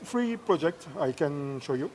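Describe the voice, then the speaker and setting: A man's voice: a little high, sing-song, measured pace, a little mellow. A middle-aged man from France with a French accent, a motion art director talking on stage, hesitant and searching for English words. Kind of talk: casual on-stage chat. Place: live festival stage.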